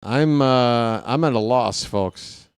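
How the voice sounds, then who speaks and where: A man's voice: medium pitch, takes it slowly, clean tone, no room sound, clean studio sound. A man calling baseball play-by-play for his stream, with casual, self-deprecating asides to viewers.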